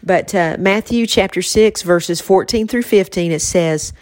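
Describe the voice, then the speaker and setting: A woman hosting a faith-based podcast, talking in a soft, reflective way with her mother. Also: medium pitch, measured pace, no echo. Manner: soft-spoken, reflective, emotional at times. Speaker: podcast host.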